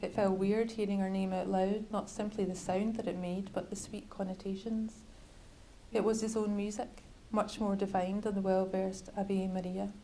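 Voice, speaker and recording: Woman, author reading her novel, measured, wry, mellow warm tone, faint background noise. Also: mid-range voice, little pitch movement, low-quality recording. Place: bookshop reading event.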